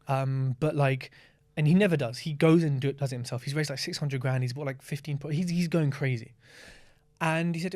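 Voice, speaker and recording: A man talks in a casual interview with a voice pitched a bit high. He is blunt and candid, swears without hesitation, and acts out the scenes he describes in lively asides. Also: quick pace. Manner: animated storytelling with acted-out asides. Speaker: podcast guest, property investor.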